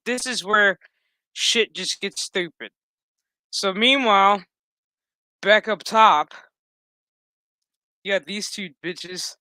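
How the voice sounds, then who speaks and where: A man's voice: high-pitched, measured pace, pauses often, bright, forceful tone, clear, resonant tone, no room sound. A man giving a rambling, profane recap of a TV episode, acting out the characters' lines as he goes. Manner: rambling, profane, acts out quotes. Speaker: show recap reviewer.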